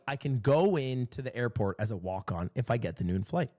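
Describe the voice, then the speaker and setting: A man streaming, telling a story in a casual, animated and exasperated way. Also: mid-range voice, fairly quick, few pauses.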